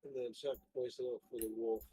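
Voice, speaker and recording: A man's voice: mid-range voice, steady tone, quick pace, mellow, slight background noise. A man playing a card game, calling out short, decisive moves. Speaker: player. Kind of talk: casual gameplay chat.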